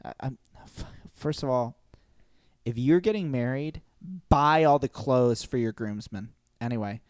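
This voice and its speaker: A man's voice: mid-range voice, a little slow, darkish tone, clean tone, no room sound, clean studio sound. A young man co-hosting a comedy podcast, ranting a story with lots of swearing and laughter. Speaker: podcast co-host. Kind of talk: casual comedy podcast chat.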